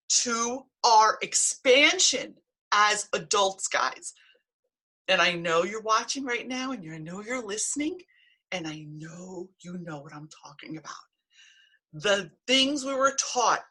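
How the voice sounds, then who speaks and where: A woman's voice: medium pitch, lively intonation, slow pace, pushed and bright, slightly rough. A middle-aged woman, a healing practitioner and coach, giving a blunt, emphatic motivational talk to camera and swearing freely.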